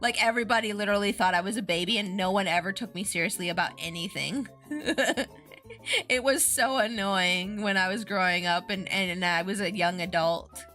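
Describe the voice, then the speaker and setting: A woman's voice: medium pitch, normal speed, sharp tone, soft background music. A woman streamer chatting casually, rambling with lots of fillers and giggles. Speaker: VTuber streamer.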